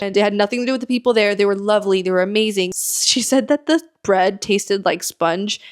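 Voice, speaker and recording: A young American woman telling a story on her solo podcast. She sounds chatty and candid, with a mid-range voice and frequent quick asides. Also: mid-range voice. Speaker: podcast host.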